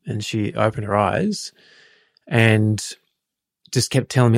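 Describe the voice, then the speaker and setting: A man in his thirties calmly retelling a personal story in plain words. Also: on the low side, a little slow, creaky, pauses often, no echo, clean studio sound. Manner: calm, plain retelling with restarts. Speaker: podcast co-host, husband.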